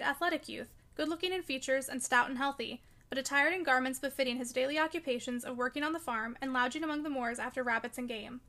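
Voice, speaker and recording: A woman reading a classic novel aloud in a measured, clear and expressive storybook narration. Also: high voice. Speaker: audiobook reader.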